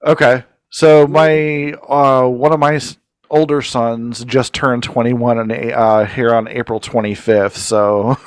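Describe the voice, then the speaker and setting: A man's voice: medium pitch, steady tone, slow, smooth, dry recording, studio quality. A man in his forties hosting a radio interview, telling rambling stories with laughs and the odd curse. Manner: rambling storyteller, laughs often, swears freely. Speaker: radio show host. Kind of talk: casual interview chat. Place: studio.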